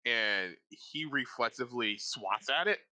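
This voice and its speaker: A man narrating a tabletop game as game master in an animated, loose way. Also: mid-range voice, a little slow, dry recording, poor audio.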